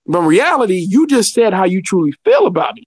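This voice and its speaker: A man's voice: sits high, big pitch swings, fast, darkish tone, dry recording. A man from California telling workplace stories in casual chat as a podcast co-host, acting out coworkers in a raised voice. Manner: storytelling, acts out coworkers in a raised voice, laughs often.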